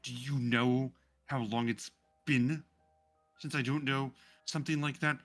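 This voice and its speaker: Guy doing a cranky old granny who weaves fate, bossy and scolding, a bit higher. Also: steady tone, measured pace, soft background music, close to an everyday voice. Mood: agitated. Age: over 60. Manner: scolding, imperious, sharp.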